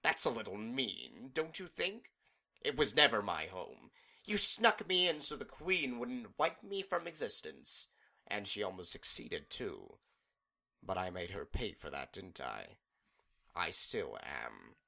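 A man's voice: lowish voice, very animated, a little slow, creaky, pushed and bright, full character voice. A man voicing an impatient, sulky male chaos spirit in a fan audiobook reading. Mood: mocking.

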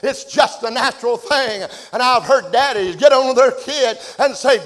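A middle-aged man preaching a revival sermon, folksy and plain-spoken, swinging from shouted glory cries to hushed, tender lows. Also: moderate pace, hardly any pauses, long reverb tail.

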